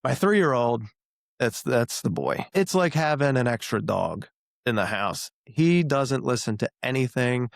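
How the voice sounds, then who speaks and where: In a studio-quality recording with no room sound, a podcast host in his thirties chats casually and spins animated, playfully exaggerated stories. His voice is mid-range, gravelly, and a little slow.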